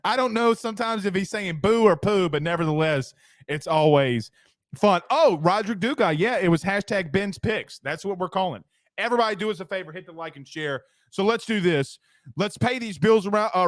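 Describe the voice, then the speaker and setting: A man's voice: high voice, a little fast, no echo, clean studio sound. Upbeat man hosting sports talk. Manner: energetic, chatty, plugs sponsors. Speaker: sports talk show host. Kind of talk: casual sports talk show.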